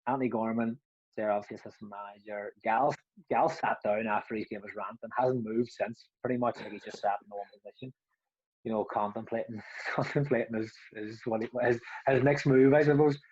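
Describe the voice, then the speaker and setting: Brief: ex-footballer, young adult, husky voice, rambling and laughing, dry lo-fi sound. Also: male voice, fairly low pitch, fairly even intonation, fairly quick, a little mellow, no room sound. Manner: rambling, laughs often, restarts. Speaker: former footballer, podcast co-host. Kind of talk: casual storytelling.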